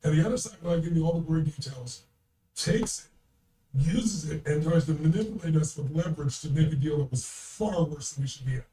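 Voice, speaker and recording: Emphatic older man with a mellow, high-pitched voice. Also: fairly quick. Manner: emphatic, blunt, swears freely. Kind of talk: anecdotal storytelling. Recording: roomy, distant from the mic.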